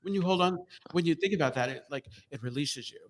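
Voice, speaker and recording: A man's voice: a little high, fast. A man co-hosting a recovery podcast who talks in a reflective, supportive way, thinking aloud with restarts. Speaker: podcast co-host. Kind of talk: casual recovery podcast talk. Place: recovery club room.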